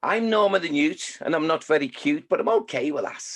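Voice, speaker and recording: A man's voice: on the high side, expressive, brisk, fairly bright tone. A man doing a chatty newt lady. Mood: cheerful, chatty. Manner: chatty rhyming recital. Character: plain down-to-earth female newt.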